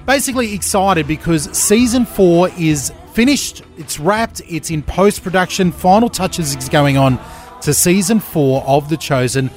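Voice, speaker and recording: A man's voice: on the high side, animated, measured pace, faint music behind. A man hosting a breakfast radio show in a playful, upbeat way. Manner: upbeat, playful, lots of fillers. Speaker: radio host.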